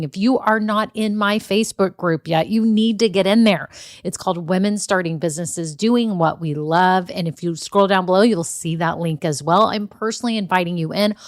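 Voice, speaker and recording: A woman's voice: medium pitch, no echo, clean studio sound. A middle-aged woman, hosting her own podcast from a room at home and talking straight to her listeners in an upbeat, chatty way. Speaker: podcast host. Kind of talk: solo podcast talk.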